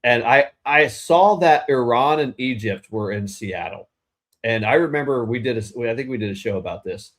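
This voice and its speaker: A man with a medium-pitched, fairly bright voice and lively intonation speaks at a moderate pace. He's co-hosting an informal political podcast, rambling through opinionated takes and restarting sentences mid-thought.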